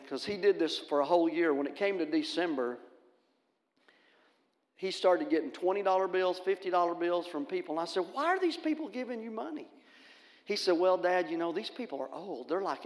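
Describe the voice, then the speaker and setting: Folksy preacher in a reverberant hall. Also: male voice, on the high side. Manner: folksy, animated, acts out voices in his stories. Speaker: pastor. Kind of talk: sermon with storytelling. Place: church sanctuary.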